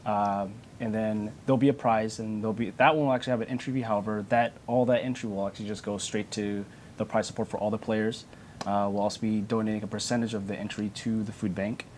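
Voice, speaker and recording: Man, game store guest, lower pitch, fast, many fillers. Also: fairly even intonation, background noise. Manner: filler-heavy, explanatory. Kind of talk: studio interview.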